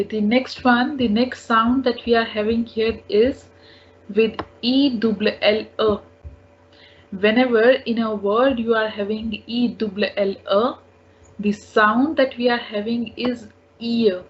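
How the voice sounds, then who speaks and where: Slow, patient woman teaching French. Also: on the high side, fairly even intonation. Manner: patient, repeats each word several times. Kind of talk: slow language lesson. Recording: dull lo-fi recording.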